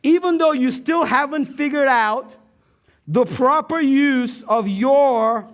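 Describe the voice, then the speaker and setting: A male pastor with an American Midwest accent, preaching a sermon in a joking, animated storytelling way and asking the room for replies. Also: extremely high pitch, slow. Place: church stage.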